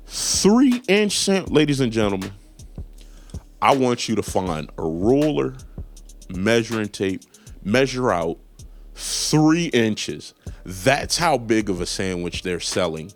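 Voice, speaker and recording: A man hosting a casual talk show, telling a comedic story and acting out both sides of a phone call in put-on voices. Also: lowish voice. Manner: animated, acts out phone calls in put-on voices. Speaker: podcast host.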